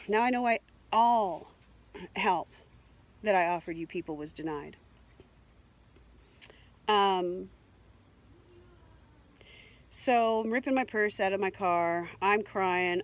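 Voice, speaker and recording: A woman's voice: medium pitch, measured pace, long pauses. A middle-aged woman vlogger telling an emotional personal story, rambling and upset, with many fillers and repeats.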